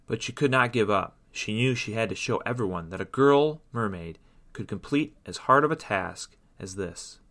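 A man reading a children's story aloud in an expressive, sing-song storytelling way. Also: on the low side.

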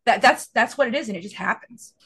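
A woman's voice: a little high, fast talker, a bit bright, breathy edge. Chatty drawling Southern woman. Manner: chatty storyteller, acting out little exchanges. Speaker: podfic narrator, interview guest. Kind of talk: casual chat.

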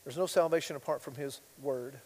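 A man preaching a sermon as pastor, swinging between loud emphatic bursts and quiet asides. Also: medium pitch, fairly quick, long reverb tail, low-quality recording.

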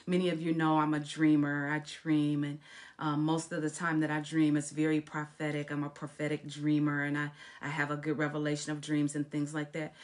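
A woman's voice: sits low, a bit bright. A woman preaching a sermon, telling a story with dramatic swings in volume and emphasis.

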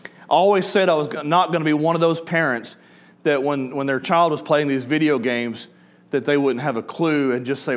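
A man's voice: fairly high pitch, normal speed. A middle-aged man preaching a sermon to a congregation, talking in a conversational, storytelling way and asking the audience questions. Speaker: pastor. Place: church before a live congregation.

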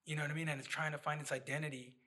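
A man hosting a casual podcast chat, profane and animated, hyping up his guests. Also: fairly high pitch, rapid-fire. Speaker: podcast host.

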